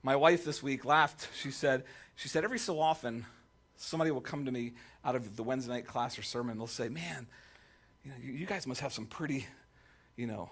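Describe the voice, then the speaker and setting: Bright-voiced, animated male pastor preaching. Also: medium pitch, fairly quick. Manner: animated, jokey storytelling with voiced quotes. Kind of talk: sermon. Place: church sanctuary.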